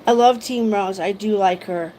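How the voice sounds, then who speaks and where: A woman's voice: medium pitch, normal speed, dark tone, slight background noise. A woman hosting a reaction livestream, exclaiming in shock and chatting with her viewers. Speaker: host.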